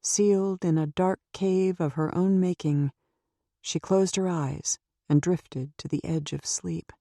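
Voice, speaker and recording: A woman narrates a suspense novel in a steady, measured voice. Her tone is low and mellow. The close mic gives a dry sound with no room around it. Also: no room sound. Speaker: audiobook narrator. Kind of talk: scripted audiobook narration.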